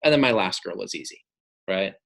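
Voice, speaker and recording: A man's voice: low-pitched, lively intonation, a little fast, vocal fry, fairly bright tone. A man casually coaching his receptionists on phone calls, often asking "right?" and acting out both sides of a call. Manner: frequent "right?" checks, acts out phone calls. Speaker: manager coaching staff.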